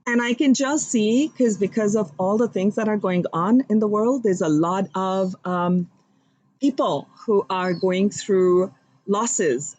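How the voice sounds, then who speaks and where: A woman leading a guided meditation and spiritual card reading. She speaks earnestly and softly, and a little nervously. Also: mid-range voice, rough recording. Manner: earnest, softly spoken, a bit nervous and rambling. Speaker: tarot reader.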